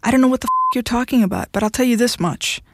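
A woman's voice: a little high, quick pace, no room sound, studio quality. A woman reading the lines of a blunt young woman who speaks firmly and coolly to her husband. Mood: threatening.

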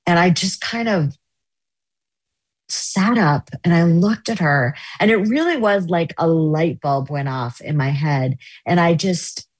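A woman's voice: lowish voice, unhurried, no room sound. A middle-aged woman novelist, chatting casually in an interview, telling stories animatedly with many fillers. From United States.

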